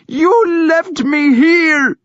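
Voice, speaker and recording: A man's voice: extremely high pitch, drawn-out words, fairly bright tone, no echo, muffled recording, voice pushed up, exaggerated voice. A man voicing a grief-crazed, vengeful young woman who shrieks and wails. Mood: screaming grief.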